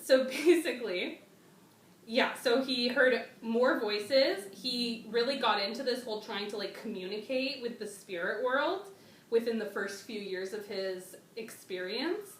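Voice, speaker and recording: A woman hosting a casual chat with a guest, slangy and excitable, often trailing off and restarting. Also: a little high, a little slow, far from the mic. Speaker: channel host. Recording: echoey room, off-mic, faint noise.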